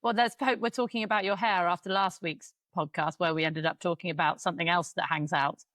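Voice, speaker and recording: A woman's voice: fairly low pitch, fairly even intonation, fairly quick, a bit bright, no room sound. Chatty woman podcast host. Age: 40s. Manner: chatty storyteller, swears freely. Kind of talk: casual chat.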